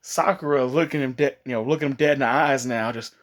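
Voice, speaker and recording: A man's voice: mid-range voice, fast. A man casually telling a fan-fiction story, chatty, often laughing and coughing. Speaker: YouTube storyteller.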